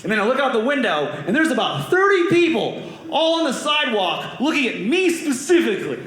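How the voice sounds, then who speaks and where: A young man telling a stand-up story on a comedy club stage, animated and acting out voices and sound effects. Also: very high-pitched, a little fast. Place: comedy club stage before a live audience. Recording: roomy club with loud audience laughter.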